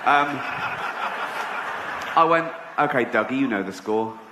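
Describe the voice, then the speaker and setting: On a comedy stage, a middle-aged stand-up comedian from England delivers his routine in a mid-range, animated voice at a measured pace. He's sardonic and mock-boastful, acting out the voices of the people in his story. The live recording carries audience noise and laughter.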